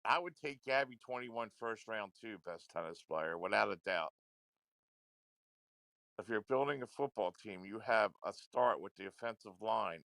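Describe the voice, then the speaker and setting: A man's voice: on the low side, expressive, normal speed, vocal fry, a bit bright, no room sound. A man ranting into a livestream, confrontational and repetitive, swearing often. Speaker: livestream commentator.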